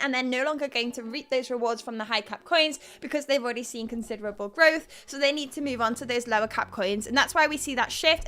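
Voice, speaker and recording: A woman's voice: sits high, sharp tone. A young woman hosting a live crypto news stream, explaining markets and reading chat in a candid, conversational way. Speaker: crypto news show host.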